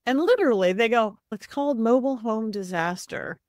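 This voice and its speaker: A woman psychic medium guest telling lively stories in a casual interview, often acting out the voices of people she quotes. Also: a little high, no echo, clean studio sound. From Southern California. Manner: animated, acts out quoted voices, quick asides.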